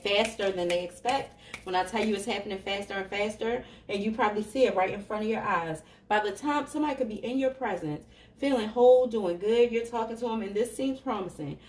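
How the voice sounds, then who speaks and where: A woman's voice: medium pitch, a little mellow, slight background noise. Chatty woman reading tarot in an echoey room. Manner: chatty, laughs often, talks to viewers as y'all. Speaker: tarot reader. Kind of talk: casual tarot reading livestream. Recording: echoey room, voice a bit far from the mic.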